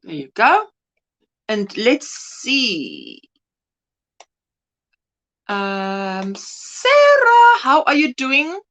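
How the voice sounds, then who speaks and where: Middle-aged lady hosting a chill livestream, high voice that bounces around, takes her time. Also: huge pitch swings, very slow, long pauses, slight background noise. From United States. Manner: chatty, greets viewers warmly by name, frequent laughs. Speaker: livestream host. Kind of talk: casual chat reading viewer comments. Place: home by an open window, breeze blowing.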